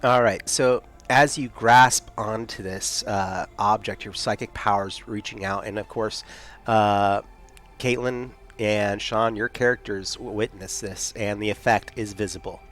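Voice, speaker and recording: A man's voice: lowish voice, fairly even intonation, unhurried, fairly bright tone, soft background music. Rambling male game master. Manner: rambling, searching for words. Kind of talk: narrating a tabletop game.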